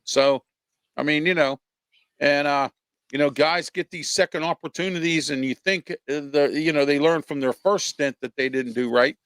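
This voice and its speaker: Host type: talky man with a slightly high voice, blunt opinions, loose and rambling, dry close sound. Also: normal speed, a bit bright, clean tone, no room sound. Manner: blunt, rambling, many fillers. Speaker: sports show host. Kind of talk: casual sports talk.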